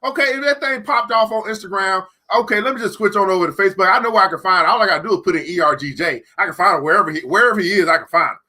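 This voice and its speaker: A man hosting a live-streamed book club, talking emphatically, repeating key lines slowly and joking sarcastically between points. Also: sits high, pushed and bright.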